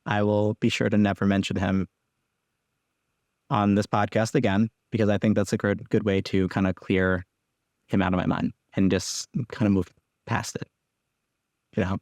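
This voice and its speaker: A young man hosting his own podcast, talking candidly and haltingly, with frequent restarts and casual swearing. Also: fairly low pitch, no echo, studio quality. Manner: rambling, halting, restarts often. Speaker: podcast host. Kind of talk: candid personal podcast monologue.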